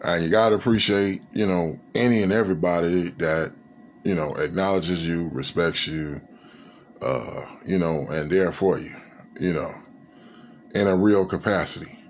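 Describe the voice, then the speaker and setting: A man's voice: deep voice, moderate pace, a little hiss or hum. A man talking to camera in a casual reflective monologue, rambling and profane, with many fillers. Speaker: vlogger.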